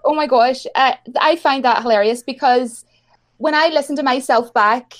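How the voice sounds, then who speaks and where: A young woman with an Irish accent, chatting casually as a guest and telling stories quickly with lots of fillers and giggles. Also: high-pitched. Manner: chatty, giggly, fast storytelling with many fillers. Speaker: guest YouTuber. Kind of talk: casual chat.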